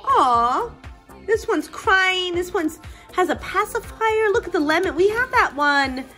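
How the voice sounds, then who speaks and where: A woman toy blogger chatting casually at home as she unboxes toys, gushing and gasping with excitement. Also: extremely high pitch, measured pace, soft background music. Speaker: toy collector and parent blogger.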